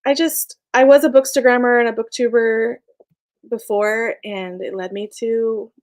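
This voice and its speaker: A woman's voice: a little high, steady tone, a little slow, a little mellow. A young woman chatting casually on a live stream, reading viewer comments, bubbly and laughing often. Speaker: small business owner and live streamer.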